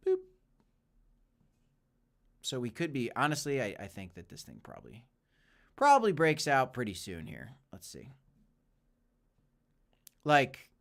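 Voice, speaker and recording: A man's voice: on the high side, fairly bright tone. A man hosting a casual livestream with commentary and Q&A, hyped and chatty, often calling out to "guys". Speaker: crypto channel host.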